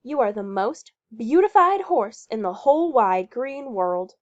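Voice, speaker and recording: Woman playing a small eager fellow, earnest and simple, higher voice, lo-fi muffled. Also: lively intonation, unhurried. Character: short eager simple-hearted man. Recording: muffled lo-fi recording.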